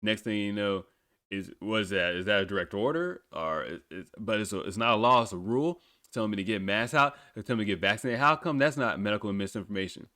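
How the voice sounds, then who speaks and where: A man hosting a podcast, talking casually in a blunt, profane way and breaking into laughs. His voice sits fairly low. The sound is dry and close, with no room echo. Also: fast, sharp tone. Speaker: podcast host. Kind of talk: casual talk.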